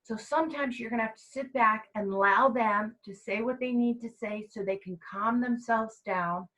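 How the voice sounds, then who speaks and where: A woman giving an energetic, emphatic, conversational mindfulness talk to a group of staff. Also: medium pitch, low-quality recording. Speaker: mindfulness trainer.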